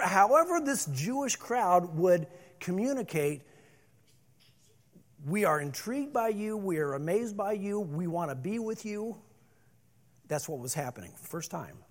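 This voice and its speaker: A middle-aged male pastor preaching a sermon, moving between loud emphasis and hushed calm. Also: fairly high pitch.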